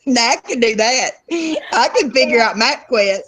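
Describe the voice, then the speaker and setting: A middle-aged woman with a Southern US accent chats easily as a co-host. She laughs often and talks in a relaxed, homey way. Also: a little high, a little slow, slight background noise. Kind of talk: casual chat.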